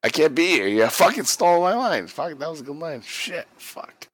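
A man excitedly recapping a wrestling match in casual chat, swearing a lot and acting out the wrestlers' lines. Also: a little high, moderate pace, husky, no echo. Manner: animated, swears constantly, acts out quotes. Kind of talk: casual profane play-by-play recap.

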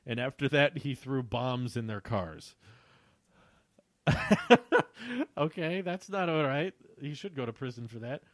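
A man's voice: mid-range voice, expressive, unhurried, pauses often, dry recording, clean studio sound. A young man reading a story he wrote as a child and commenting on it, amused and laughing at his own writing.

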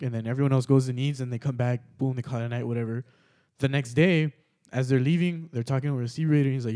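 A young man hosting a podcast tells a story in a loose, rambling way, full of fillers and swearing. His voice is mellow and dark, at an everyday middle pitch. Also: a little fast. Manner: relaxed, swears a lot, many fillers. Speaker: podcast host. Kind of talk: casual storytelling.

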